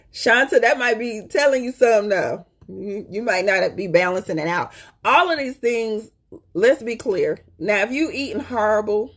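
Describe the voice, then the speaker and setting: A woman's voice: mid-range voice, lively intonation, unhurried. A woman talking casually and emphatically to her viewers, repeating her points and often checking in with "okay?". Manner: colloquial, addresses viewers as "y'all". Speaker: host. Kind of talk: casual live-stream chat.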